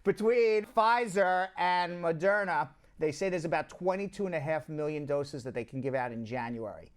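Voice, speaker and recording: Long island guy running through the news, kinda high voice, chatty, keeps doubling back on himself. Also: moderate pace. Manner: chatty, repeats himself, asides to co-hosts. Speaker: host, immigration news show. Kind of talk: casual news rundown.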